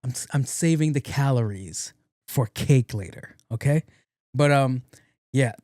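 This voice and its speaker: Animated, profane young man telling stories. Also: medium pitch, measured pace, no echo, studio quality. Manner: animated, profane, laughs at his own story. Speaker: podcast host. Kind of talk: casual comedic storytelling monologue.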